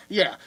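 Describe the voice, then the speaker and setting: A woman's voice: medium pitch, fairly bright tone, breathy edge. A woman co-hosting a casual movie-riffing podcast, talking with exaggerated indignation, swearing and laughing often. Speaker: podcast co-host.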